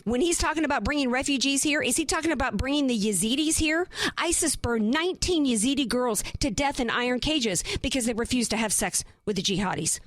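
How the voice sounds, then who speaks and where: Woman, radio host; emphatic, fired-up monologue, brighter pitch, dry studio sound. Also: expressive, fairly quick, few pauses, no room sound. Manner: impassioned, emphatic, rhetorical questions. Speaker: radio talk show host. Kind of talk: opinionated talk radio monologue.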